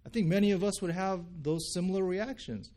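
A man pastor preaching a sermon, animated, acting out people's reactions and reading scripture aloud. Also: high voice, brisk. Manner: animated, acts out quoted reactions.

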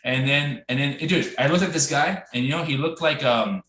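Man, podcast co-host, rambling storyteller, bright tone, roomy echo. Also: mid-range voice, normal speed, a little hiss or hum. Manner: rambling storytelling with restarts and quoted voices. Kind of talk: casual podcast chat.

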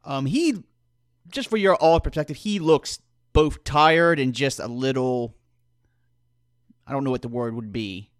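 A man's voice: medium pitch, measured pace, long pauses, no echo, clean studio sound. A man playing a tabletop role-playing game, narrating his character in a casual, rambling way. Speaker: player.

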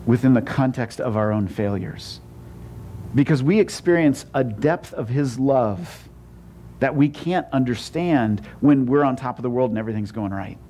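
With slight background noise behind him, a male pastor with a mid-range voice preaches in a conversational way. He frequently stammers into restarts and jumps between emphatic and hushed delivery.

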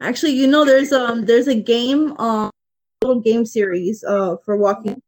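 A woman's voice: fairly high pitch, normal speed, a little mellow, poor audio. A woman in casual chat who rambles and restarts her sentences while telling stories.

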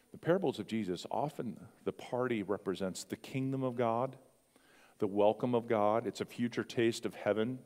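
A man's voice: low-pitched, a little mellow. Man preaching a casual sermon in an echoing church. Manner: conversational preaching with asides and questions to the congregation. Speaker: pastor. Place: church sanctuary. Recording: long reverb of a church hall.

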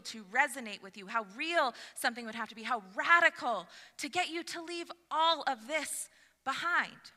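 A woman pastor giving a sermon to her congregation, building from calm reflection to lively, emphatic delivery. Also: high voice, moderate pace, long reverb tail. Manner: expressive, rising to animated emphasis. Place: church sanctuary.

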